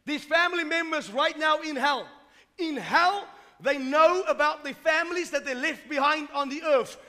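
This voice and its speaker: A man from South Africa preaching a fervent sermon as pastor, rising from calm explanation to shouting. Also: very high-pitched, moderate pace. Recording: long hall reverb.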